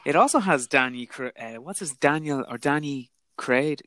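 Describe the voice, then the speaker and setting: A man's voice: a little high, moderate pace, dry recording. A man, chatting animatedly about films as a podcast co-host. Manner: animated, chatty, Irish turns of phrase. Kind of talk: casual film chat. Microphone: remote call mic.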